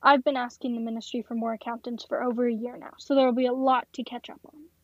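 A woman's voice: fairly high pitch, little pitch movement, quick pace, no echo, close to an everyday voice. A woman voicing a weary, exasperated female office boss who pops her gum, in a tabletop game. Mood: brisk. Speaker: head accountant. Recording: dull lo-fi dry recording.

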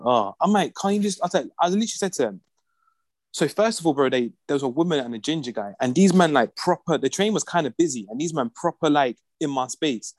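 A man's voice: mid-range voice, darkish tone, dry recording. A young man telling a rant story in casual chat, full of slang and acting out the people he quotes. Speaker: podcast regular.

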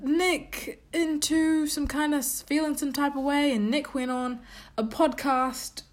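A woman giving her opinions on tennis in a casual, animated and opinionated monologue that rambles with restarts. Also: high-pitched, unhurried. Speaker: tennis commentator.

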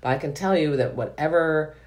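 A woman with a notably low voice talks through a favorite book in relaxed conversation. She is enthusiastic and rambling, often circling back and restarting her thoughts as she goes. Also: fairly quick. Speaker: author and podcast guest. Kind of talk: casual book discussion.

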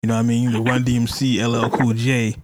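A man's voice: mid-range voice, completely flat delivery, fast, a little hiss or hum. A man hosting a casual podcast, chatty and hedging, stopping often to say allegedly. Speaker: podcast host. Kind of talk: casual hip hop news chat.

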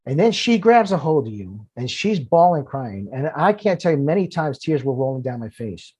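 A man's voice: on the high side, big pitch swings, normal speed, a little mellow, slightly rough, dry recording. A man, a firefighter and podcast guest, telling emotional personal stories earnestly, often repeating words when moved.

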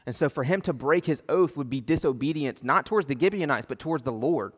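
A man's voice: fairly high pitch, expressive, fast talker, long reverb tail. A man preaching a sermon as pastor, impassioned, repeating phrases for emphasis and acting out prayers.

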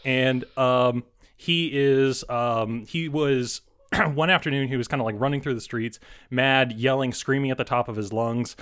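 A man narrating a tabletop horror game as game master, halting with many pauses and restarts. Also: medium pitch, fairly even intonation, a bit bright, smooth.

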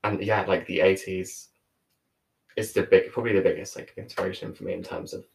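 Chatty young British man, lively pitch. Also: brisk, creaky, rough recording. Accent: British English. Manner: chatty, filler-heavy, laughs often. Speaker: podcast guest, drag performer. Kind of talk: casual podcast chat.

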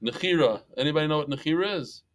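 Lively man teaching Talmud. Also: fairly high pitch, fast. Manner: lively, jokey storyteller, mixes Hebrew and Yiddish terms. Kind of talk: animated Talmud class.

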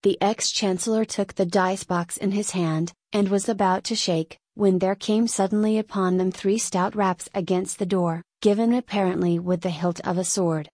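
A woman narrates a classic novel as an audiobook, telling the story in a measured, even manner. Her pitch is medium and there's no echo.

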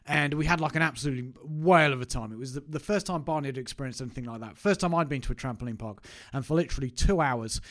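A man's voice: medium pitch, quick pace, few pauses, fairly bright tone. A man, telling a personal story to camera in a chatty, self-mocking way. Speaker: business owner vlogger. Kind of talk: casual anecdote to camera.

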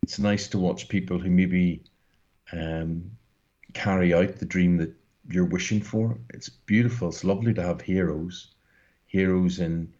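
A man's voice: low-pitched, steady tone, unhurried, a little mellow, highs cut off. A Northern Irish man in his sixties speaking as an interview guest, talking in an earnest, emphatic and rambling way. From Northern Ireland. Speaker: guest broadcaster. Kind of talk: casual interview talk.

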